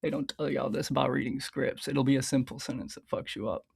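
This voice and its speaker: A man's voice: mid-range voice, steady tone, brisk, vocal fry, slightly rough. A man streaming casually, reading his own scripts aloud in a loose, rambling way, swearing a lot and often stopping to laugh at his own lines.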